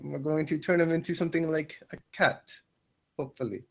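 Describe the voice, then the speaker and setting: A man's voice: on the high side, steady tone, fairly quick, creaky, fairly bright tone. A man playing a tabletop game, cool and clipped. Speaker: player.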